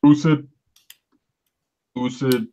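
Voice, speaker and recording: A man's voice: mid-range voice, steady tone, drawn-out words, mellow, lo-fi sound. A man teasing his friends playfully on a casual livestream.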